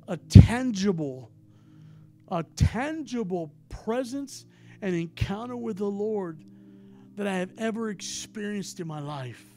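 Male pastor, very high voice, unhurried sermon delivery, swings from hushed to shouting, soft music underneath.

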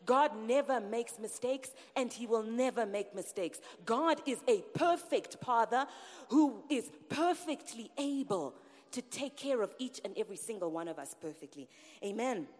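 Lively woman preaching in a hall. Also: fairly high pitch. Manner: lively, animated preaching with calls to the congregation. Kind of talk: sermon. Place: church. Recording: reverberant church hall.

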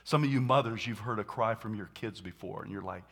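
A man preaching a sermon, animated, acting out scenes and shouting dramatically. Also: lowish voice, a little fast, husky.

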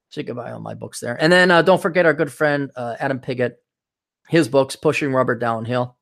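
A fortysomething man hosts a casual podcast on his own, rambling and swearing, sometimes mocking people in shrill fake voices. He talks fairly quickly, with a creaky, slightly bright sound.

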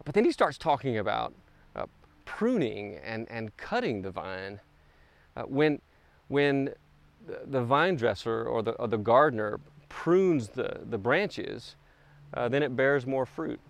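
A middle-aged man preaching a sermon and telling a story, halting often and restarting his phrases. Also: mid-range voice, sing-song, creaky. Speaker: pastor.

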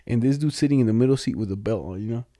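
A young man in casual chat, spinning stories in loose slang and acting out every quote. His voice is very dark and mellow, recorded close and dry. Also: medium pitch, racing, dry recording. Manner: slangy storytelling, acts out quotes.

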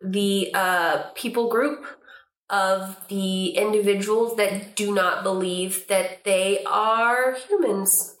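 A woman guest on a comedy podcast, joking in a quick deadpan way. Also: medium pitch. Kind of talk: improv comedy chat. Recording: roomy echoey recording.

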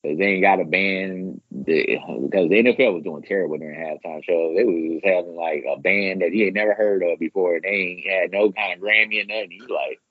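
A man co-hosting a podcast in casual chat, rambling and profane, jumping way up in pitch when he acts out what others said. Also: a little fast, hardly any pauses, no echo. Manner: rambling, profane, animated quoting with big pitch jumps. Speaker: podcast co-host. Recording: muffled lo-fi podcast audio.

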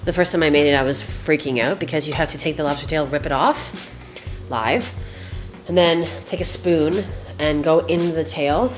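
A woman chef telling stories casually while cooking in a kitchen, animated and swearing freely. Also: low voice, normal speed, soft background music. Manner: animated, profane, chatty. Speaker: chef, guest.

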